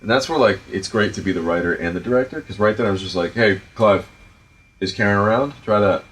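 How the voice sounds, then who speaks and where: A middle-aged man with a Providence, Rhode Island accent, hosting a casual chat and telling stories about directing in an animated, profane way with lots of fillers. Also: on the low side, quick pace. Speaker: podcast host and film director.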